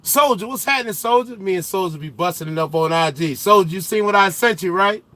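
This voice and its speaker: Young trucker dude live streaming, slangy, bit of a high voice, goes loud and jokey reading the chat. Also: male voice, fairly quick. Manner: loose slang-heavy banter, gets loud and animated when teasing chatters. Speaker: trucker hosting a livestream. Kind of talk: casual livestream chat, reading viewer comments.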